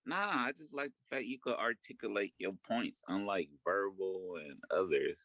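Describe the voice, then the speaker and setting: Deep-voiced teasing man. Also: lively intonation, normal speed, fairly bright tone, no echo. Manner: teasing, playful. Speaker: panelist. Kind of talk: casual panel chat.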